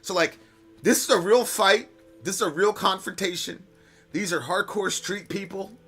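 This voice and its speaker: A man's voice: sits high, moderate pace, fairly bright tone, husky, faint music behind. A man hosting a live stream, answering viewer questions in a casual, conversational storytelling manner, often checking in with "right?".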